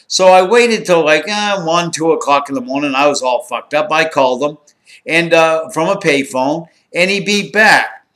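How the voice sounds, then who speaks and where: A man's voice: on the high side, moderate pace, a bit bright. A man in his sixties telling a raw, profanity-laden story in a blunt, candid monologue. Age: 60s. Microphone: home recording.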